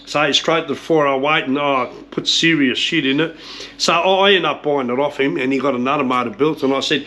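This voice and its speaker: A man's voice: a little high, steady tone, fairly quick, bright, forceful tone. A middle-aged man with an Australian accent, chatting casually about cars, swearing freely and often repeating himself. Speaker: car restorer showing his shed. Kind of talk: casual chat. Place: home shed.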